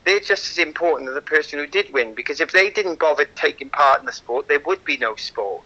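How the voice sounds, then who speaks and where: A man's voice: a little high, fairly quick, lo-fi sound. A Welsh man, a guest athlete, telling stories frankly and animatedly in a radio interview. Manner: animated, frank, repeats "you know".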